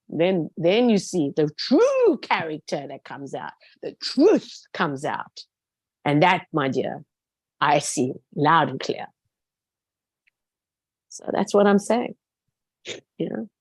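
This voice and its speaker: A woman's voice: fairly low pitch, darkish tone, no room sound. A woman guest speaking earnestly and emphatically in a conversation, repeating words for stress as she shares a personal testimony.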